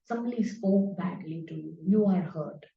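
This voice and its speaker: A spiritual teacher earnestly walks a class through scripture, dropping tag questions such as "no?". Her voice is lowish with vocal fry and a moderate pace, captured in a roomy, distant, dull-sounding recording.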